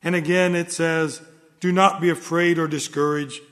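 A man delivering a solemn sermon in a measured, earnest manner. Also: on the high side, steady tone, fairly bright tone. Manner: solemn, measured, rises in fervor. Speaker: preacher. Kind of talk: sermon reading. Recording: long hall reverb.

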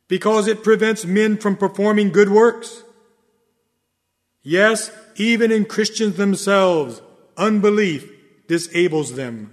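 A high-pitched male preacher delivers a sermon with dramatic oratory. His voice swings from ringing proclamations to hushed low phrases. A long reverb trails each line, as in a large hall. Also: slow.

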